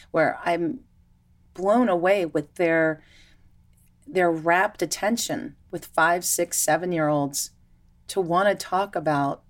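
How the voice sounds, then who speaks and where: A woman with a slightly low voice talks easily in casual conversation. She is a children's yoga teacher, and her stories come out animated and chatty.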